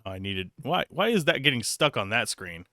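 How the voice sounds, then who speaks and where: A man's voice: medium pitch, very animated, a little fast, sharp tone, dry recording, studio quality. A man streaming a role-playing game, chatting casually and reading the game text aloud. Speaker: let's play streamer. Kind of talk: casual gameplay commentary.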